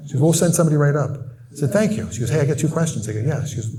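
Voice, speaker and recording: A man performing stand-up comedy, telling animated stories and acting out voices and squawks. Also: fairly high pitch, racing, crowd noise. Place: live comedy venue with audience. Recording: live stage recording, audience noise.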